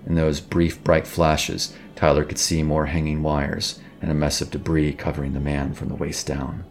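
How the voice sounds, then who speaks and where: A man reading a suspenseful story as a narrator, measured and even. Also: rumbling low, gravelly, a little hiss or hum. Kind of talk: scripted narration.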